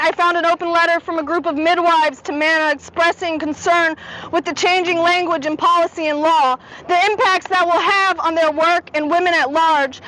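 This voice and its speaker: A woman's voice: very high-pitched, fairly bright tone, slight background noise, poor audio. A woman reading a prepared speech aloud to a gathering, nervous and shaky, close to tears and stumbling over words. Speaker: speaker at a public gathering.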